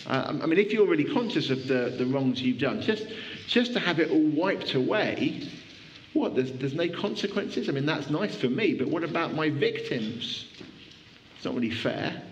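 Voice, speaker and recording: A man preaching a sermon in a church, conversational and animated, often restarting his sentences. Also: fairly high pitch, normal speed, lo-fi sound, slight background noise.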